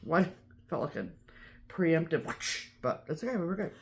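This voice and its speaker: Playful low-voiced woman co-host. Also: big pitch swings, vocal fry, very noisy. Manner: playful, chiming in with quick reactions. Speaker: podcast co-host. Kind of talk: casual chat about cross-stitch.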